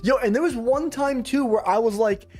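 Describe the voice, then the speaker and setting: A man's voice: extremely high pitch, normal speed, darkish tone, soft background music. A young man who day-trades and streams, chatting casually, rambling, slangy and profane, often joking at his own expense. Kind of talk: casual livestream chat.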